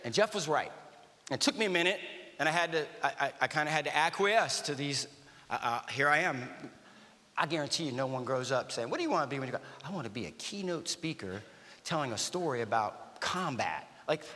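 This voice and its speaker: A man's voice: on the high side, a little fast. A man in his fifties, an army veteran giving a guest talk at a church, telling stories and acting out dialogue. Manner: animated storytelling with acted-out dialogue. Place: church auditorium. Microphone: stage microphone. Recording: reverberant church hall.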